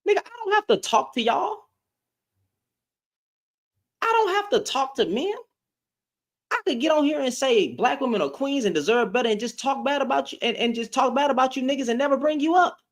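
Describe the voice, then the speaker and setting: A man's voice: extremely high pitch, expressive, fairly quick, pauses often. A man ranting casually to camera as an online commentator, heated and emphatic and firing off rhetorical questions.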